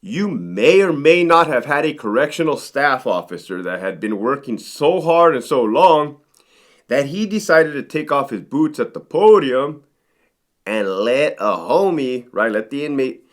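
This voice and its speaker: A man's voice: mid-range voice, lively intonation, unhurried. A man, a former correctional sergeant, telling stories to the camera in a conversational way, often tagging his sentences with "right?". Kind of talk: storytelling to camera.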